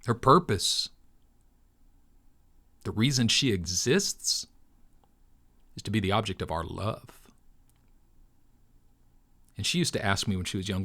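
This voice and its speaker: A middle-aged man, host of his own channel, talking earnestly in a preacher-like way with long pauses, telling a personal story. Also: lowish voice, animated, sharp tone. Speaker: crypto video host. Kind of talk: heartfelt personal talk.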